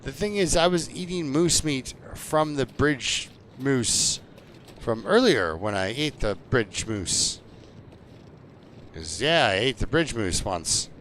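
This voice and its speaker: A man's voice: mid-range voice, expressive, fairly bright tone, a little hiss or hum. A man streaming a survival game, chatting and telling stories at a rambling pace with lots of fillers. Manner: slow, rambling storytelling with many fillers. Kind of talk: relaxed gameplay commentary.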